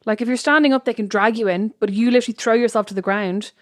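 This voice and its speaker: A woman's voice: a little high, quick pace, dry recording, studio quality. A pregnant woman with an Irish accent co-hosting a podcast in casual chat, joking and laughing often. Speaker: podcast co-host.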